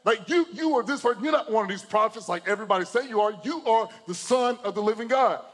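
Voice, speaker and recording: Male pastor, high voice, animated storyteller, church hall with long reverb. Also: fast, faint music behind. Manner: animated storytelling, addresses the congregation directly. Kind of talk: sermon.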